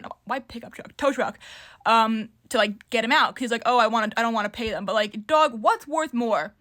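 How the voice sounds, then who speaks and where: A woman's voice: a little high, pushed and bright. A young woman telling a story casually to camera, rambling with lots of fillers. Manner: rambling, filler-heavy retelling.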